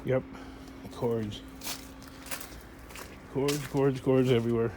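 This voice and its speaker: Speaking slowly in a medium-pitched voice, a middle-aged man rambles through a chatty monologue in a work space filled with scrap. He handles items and talks to himself while he works, with steady noise in the background.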